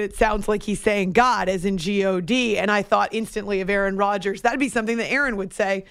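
A woman hosting late-night sports radio, talking in a chatty, quick way with frequent laughs and asides. Her voice sits a little high. The studio sound is dry and close. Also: clear, resonant tone, no echo. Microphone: studio microphone.

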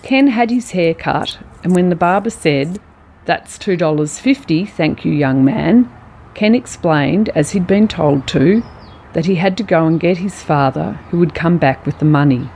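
A middle-aged woman reads her own memoir aloud. Her voice sits low and mellow, and she tells the story in a measured, intimate way. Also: slight background noise. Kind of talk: spoken memoir reading.

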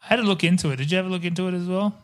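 Joking male co-host, slightly high voice, loose and rambling. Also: racing. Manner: jokey, rambling asides. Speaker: podcast co-host. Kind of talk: casual chat.

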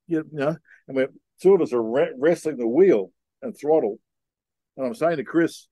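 A middle-aged man, telling a story in a relaxed, rambling way with slang, as a podcast guest. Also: mid-range voice, moderate pace, no echo. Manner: laid-back, rambling, with Aussie slang. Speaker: podcast guest, sea captain. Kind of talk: casual storytelling.

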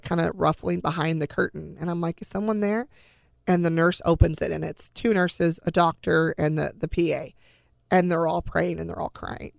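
A woman's voice: sits low, vocal fry, no echo, clean studio sound. A mother recounting a painful personal story in an earnest, emotional way, restarting her sentences at times. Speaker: interview guest, bereaved mother.

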